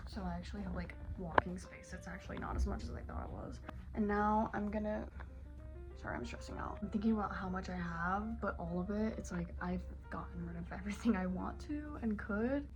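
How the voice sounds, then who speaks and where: A woman in her late teens films a casual, tearful vlog in her bedroom, talking briskly in a mid-range voice with music in the background. She's emotional and rambling, using "like" over and over.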